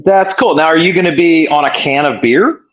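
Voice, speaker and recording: A man's voice: a little high, fairly quick, dull audio, a crowd in the background. A man co-hosting a live stream over a video call, joking and teasing. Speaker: co-host. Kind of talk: casual live-stream chat.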